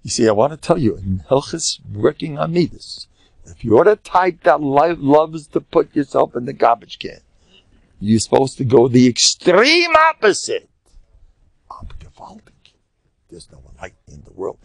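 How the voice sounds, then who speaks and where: A man's voice: a little high, very animated, normal speed, vocal fry, dry recording. An older man with an American accent, a rabbi giving a humorous lecture full of stories and Yiddish and Hebrew words, with a boastful, joking manner. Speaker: rabbi and spiritual mentor.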